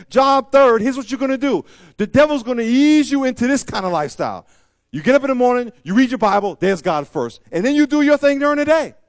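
A man preaching a sermon as pastor, emphatic and repeating phrases, swinging between loud preaching and quiet asides. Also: very high-pitched, no echo.

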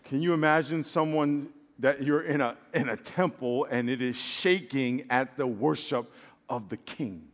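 A man preaching a sermon to his congregation, animated and joking, calling them y'all and acting out little voices. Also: medium pitch, unhurried. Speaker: pastor. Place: church. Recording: long reverb of a large hall.

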